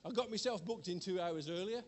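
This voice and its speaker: A man's voice: high voice, a little fast. An older man preaching a sermon in a chatty, rambling way, laughing at himself as he tells personal stories.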